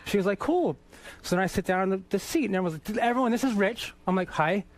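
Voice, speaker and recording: A man's voice: high-pitched, racing. A man from Boston, a guest singer, telling self-mocking, profane stories and acting out the dialogue. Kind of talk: anecdotal storytelling.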